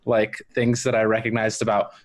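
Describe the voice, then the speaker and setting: Man, podcast host, casual chat, reflective, thinks out loud. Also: fairly low pitch, completely flat delivery, moderate pace. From Miami area comedy scene. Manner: reflective, rambling, overthinks aloud.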